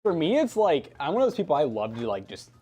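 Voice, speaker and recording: A man's voice: on the high side, huge pitch swings, fast talker, dark tone, slightly rough. A man in casual chat, joking and planning bits with his co-host.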